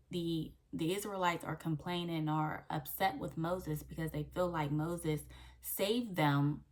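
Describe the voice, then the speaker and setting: A young woman hosting her faith channel, giving an earnest devotional teaching that repeats key phrases and checks in with "okay?". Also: on the low side. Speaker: faith coach and channel host.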